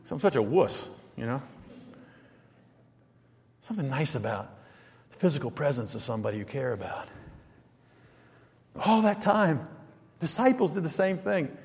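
An older man preaching a sermon, telling stories in a relaxed conversational way and acting out quotes. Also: fairly high pitch, normal speed, gravelly, pauses often, in a large hall. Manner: conversational storytelling with acted quotes. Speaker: pastor.

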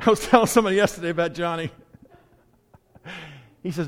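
High-voiced preacher in an echoing hall. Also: male voice, a little fast, pauses often. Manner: conversational, storytelling with asides. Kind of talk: sermon. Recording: long hall reverb.

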